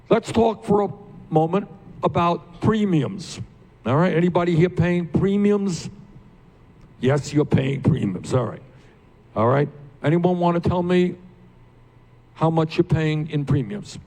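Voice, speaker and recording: A man's voice: a little high, darkish tone. An older man speaking at a town hall meeting, emphatic, asking the crowd questions and building to passionate peaks. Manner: addresses the crowd directly with questions. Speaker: candidate hosting a town hall.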